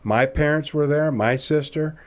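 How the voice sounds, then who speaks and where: A man around sixty from Ohio, a podcast guest telling a personal story in a casual, animated way, acting out the dialogue and laughing at himself. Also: a little high, a little slow.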